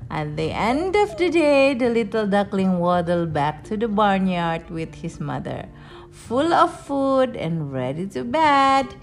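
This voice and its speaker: Slow, sing-song storytelling woman. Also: mid-range voice, soft background music. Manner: animated, sing-song, mixes in Indonesian asides. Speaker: storyteller reading to a child. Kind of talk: picture-book read-aloud.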